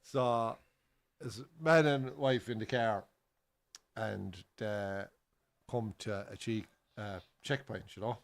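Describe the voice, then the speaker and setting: An Irish man chats about football from a bar during a live match. He swears constantly, in a relaxed, joking way. He acts out the characters when he tells a story. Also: fairly low pitch, slow, vocal fry. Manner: swears freely, tells jokes with voiced characters. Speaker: co-host. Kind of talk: casual pub chat and football commentary.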